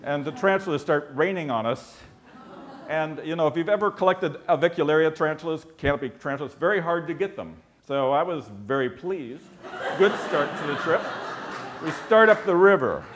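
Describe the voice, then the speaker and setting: An American man telling a comic expedition story on stage, animated and wry, with comic pauses. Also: a little high, a little hiss or hum. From United States.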